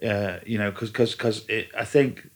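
A man's voice: on the low side, normal speed. A man talking in casual chat, rambling with many restarts and fillers. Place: lives in a German-speaking country.

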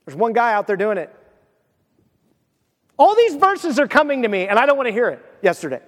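A man's voice: very high-pitched, sing-song, brisk, long pauses. A male pastor preaching a sermon, telling stories animatedly and acting out the voices he quotes. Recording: long reverb of a church hall.

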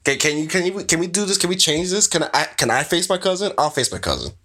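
A man doing an injured wrestler, agitated and protective, stumbling over repeated words. His voice is bright with animated, swinging pitch. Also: fast talker, full character voice. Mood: upset. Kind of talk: tabletop role-play.

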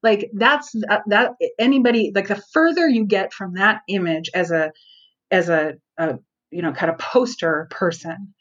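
A woman's voice: mid-range voice, moderate pace, fairly bright tone. Woman, earnest, reflective, searching for words, muffled sound. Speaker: outreach worker and guest. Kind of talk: conversational interview.

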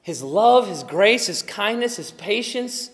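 A man preaching a sermon, emphatic, swinging between quiet explanation and loud exclaiming. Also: high-pitched, animated, a little slow. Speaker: pastor. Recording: long hall reverb.

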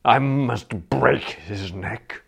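A man voicing a large, cowed bully in an audiobook reading, hushed and sulky, at times half-whispered. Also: lowish voice, lively intonation, extremely slow, breathy edge, exaggerated voice.

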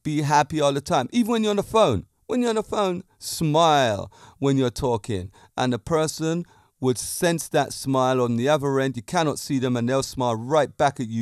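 A man's voice: medium pitch, a little mellow, dry recording, clean studio sound. A man hosting a fitness lifestyle podcast, talking in an upbeat, preachy way and cracking jokes. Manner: upbeat and preachy, tells jokes, laughs often. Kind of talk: motivational podcast monologue.

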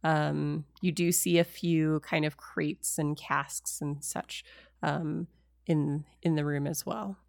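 Lady game master, slightly low voice, lots of ums, dry close sound. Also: slow, vocal fry, dry recording. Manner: relaxed, hesitant with many fillers. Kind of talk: narrating a tabletop game.

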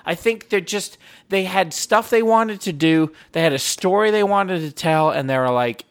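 Swearing middle-aged co-host, animated rant, casual podcast chat, mid-pitched voice. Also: normal speed. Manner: profane animated ranting.

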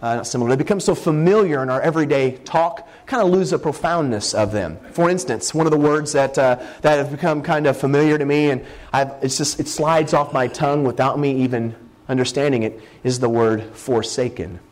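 A man preaching a sermon as a Bible word study, talking conversationally and slowing down to stress key words. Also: fairly high pitch.

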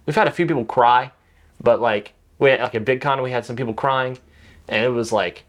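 Young man chatting loosely on a podcast. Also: mid-range voice. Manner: relaxed, filler-heavy, quick to laugh. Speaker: social media creator guest. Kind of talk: casual podcast chat.

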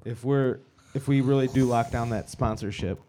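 A man playing a clueless homeowner guest in improv comedy, deadpan and bickering. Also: medium pitch, moderate pace, natural voice. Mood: sheepish. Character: clueless homeowner with a bug problem, Reese.

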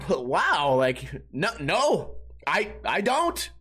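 A man's voice: high-pitched, slow pace, slightly rough. A man hosting a podcast, telling a casual story with lots of swearing and acted-out voices and sound effects. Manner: profane, animated, acts out people and sound effects. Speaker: podcast host.

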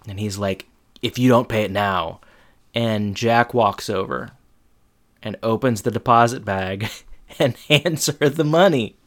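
A man's voice: on the low side, a little slow. A man casually retelling a TV episode, full of fillers like "um" and "like" as he walks through the scenes. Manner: loose, filler-heavy retelling with frequent "like" and "um". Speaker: podcast co-host recapping a TV episode. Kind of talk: casual chat.

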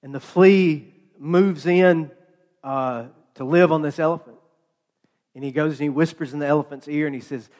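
A man's voice: on the high side, measured pace, pauses often, a little mellow. A man preaching a sermon, telling stories in a conversational way with playful asides. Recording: long hall reverb.

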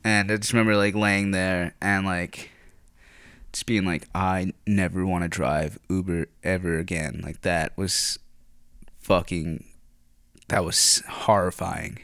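Young Philly guy, lowish voice, dry close sound, swears and rambles through a casual story. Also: steady tone, measured pace, fairly bright tone, dry recording. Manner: rambling, profane, filler-heavy, frequent throat clearing.

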